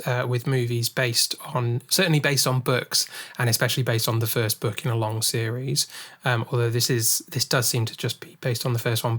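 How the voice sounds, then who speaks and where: A man in the middle of a relaxed film podcast chat, with a voice of ordinary pitch. He thinks aloud as he goes, trailing into ums and restarting his sentences. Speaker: podcast co-host. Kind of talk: casual film discussion.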